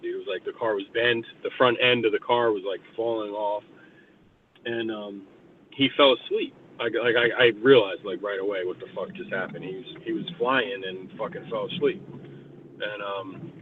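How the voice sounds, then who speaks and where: A man from New York spins a loose, meandering anecdote, peppering nearly every sentence with curses and filler words. His voice sits at an ordinary male pitch. The recording is dull and lo-fi, with a faint hiss in the background. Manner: rambling, heavy swearing, filler words. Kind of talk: casual storytelling. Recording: muffled lo-fi with faint noise.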